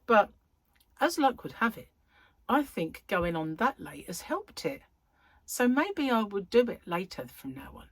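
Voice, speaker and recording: A woman's voice: mid-range voice, measured pace, dry recording. A middle-aged woman, a crochet vlogger, chatting casually to her viewers and telling stories with laughter. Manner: chatty, laughing, animated storyteller.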